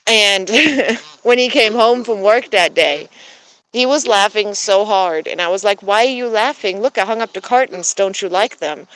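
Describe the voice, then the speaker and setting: A woman's voice: mid-range voice, unhurried, fairly bright tone, no room sound, rough recording. A woman in her thirties who grew up in Germany as an American, chatting casually to viewers, laughing often and filling her talk with ums and restarts. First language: bilingual German and English. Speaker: backyard poultry vlogger.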